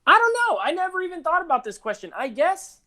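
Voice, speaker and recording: A man's voice: very high voice, very animated, quick pace, bright, forceful tone. A man in his thirties co-hosting a podcast, rambling in casual chat with lots of "like". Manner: rambling, heavy use of "like". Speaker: podcast co-host.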